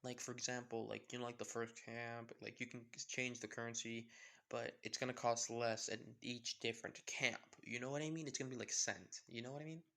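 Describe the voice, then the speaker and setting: A man's voice: mid-range voice, fairly even intonation, brisk, vocal fry, pushed and bright. A man casually improvising a fan story, rambling with many fillers and some swearing.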